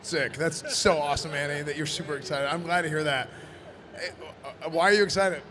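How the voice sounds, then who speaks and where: A man presenting in costume at a live event, joking and rambling loudly. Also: fairly high pitch, fairly even intonation, brisk, a crowd in the background. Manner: playful, rambling, loud. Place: convention event floor. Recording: noisy convention floor.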